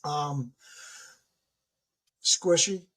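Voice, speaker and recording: Podcast guest, man about 60, husky voice pitched a bit high, animated storyteller who slips into other people's voices. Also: drawn-out words. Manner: animated storyteller who acts out dialogue with big pitch jumps. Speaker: podcast guest, retired military leader. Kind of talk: casual interview conversation.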